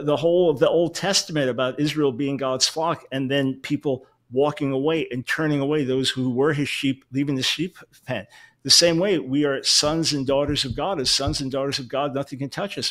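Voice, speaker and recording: A man's voice: fairly high pitch, moderate pace, a bit bright. A man in a theological debate, arguing firmly and emphatically while citing scholars. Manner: firm, emphatic, cites sources.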